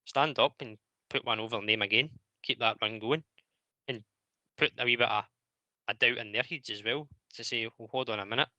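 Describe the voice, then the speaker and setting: A Scottish man hosting a football phone-in, arguing his point in a steady, reasoned way. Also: medium pitch, moderate pace, long pauses, no echo.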